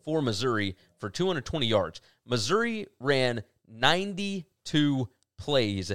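A man co-hosts a casual football podcast, working through numbers with emphatic delivery. His pitch moves a lot, and the recording is dry and close. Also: very animated, measured pace, a bit bright, dry recording. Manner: runs through stats, emphatic. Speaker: podcast co-host. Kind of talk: casual sports talk.

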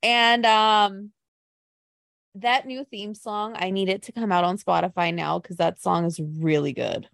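A woman co-hosting a casual podcast chat, telling stories in an animated, gushing way. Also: medium pitch, a little slow, vocal fry, no echo, studio quality.

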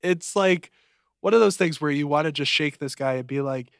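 A man's voice: a little high, moderate pace, vocal fry, clear, resonant tone, no room sound, clean studio sound. A man co-hosting a podcast, chatting casually and jokingly about a TV show, his voice jumping up when he gets emphatic. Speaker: podcast co-host. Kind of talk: casual chat reviewing a TV show.

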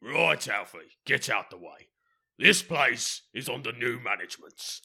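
A young man putting on a gruff gangster boss for a podcast impression. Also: medium pitch, animated, unhurried, sharp tone, voice pushed up, heavily acted. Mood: menacing.

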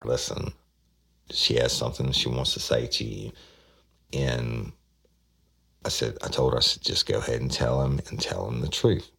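Gravelly deep-voiced man telling a story. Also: fairly even intonation, normal speed, long pauses, a bit bright. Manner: retells dialogue, acting out quoted voices. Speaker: detective recounting a case. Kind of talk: casual storytelling.

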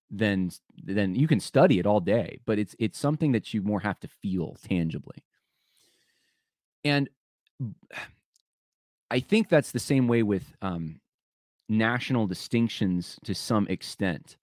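Male podcast host with a lowish voice, dry close sound, rambling and conversational. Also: darkish tone, no echo. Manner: thinking aloud, rambling with frequent restarts; conversational, addresses listeners directly. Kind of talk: solo commentary podcast.

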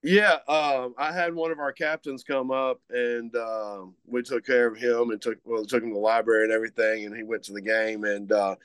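A man's voice: mid-range voice, flat delivery, moderate pace, hardly any pauses, fairly bright tone, clear, resonant tone, no room sound. Rambling man, dry studio sound. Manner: rambling, many fillers and restarts. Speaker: co-host, meat market owner. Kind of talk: casual chat.

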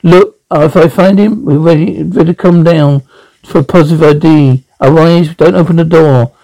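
A man's voice: a little high, moderate pace, gravelly, warm tone, dry recording, poor audio. An actor playing a terse, tough male investigator in an old-time radio drama, speaking in a clipped, commanding way. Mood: urgent.

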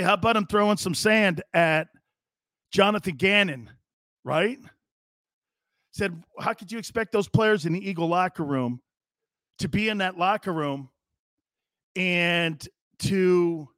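A middle-aged man hosting a sports talk show, talking in a high, bright voice. He is excitable, stumbles over his words and bursts into loud laughter. His studio mic sounds dry and close. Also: no room sound. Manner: excitable, laughs loudly, repeats himself. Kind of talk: casual chat.

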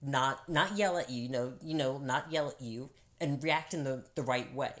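A woman's voice: a bass voice, moderate pace. A woman talking candidly in a casual couple's chat, laughing often and restarting her sentences.

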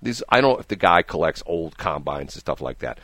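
A man's voice: a bass voice, very animated, a little fast, a bit bright, no room sound. A man hosting a radio morning show, telling rambling, jokey stories in casual on-air banter and often repeating his words. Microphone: studio microphone.

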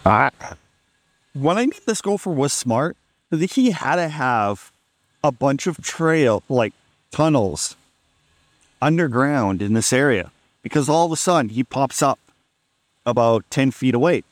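A man's voice: medium pitch, lively intonation, unhurried, long pauses, dry recording. A man casually telling a funny story on a podcast, amused and laid-back, acting out what people said.

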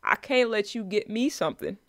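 A man co-hosting a podcast in casual chat, joking in slang and slipping into quick quoted voices. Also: sits high, expressive, vocal fry, a bit bright, dry recording, studio quality. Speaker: podcast co-host. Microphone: remote call.

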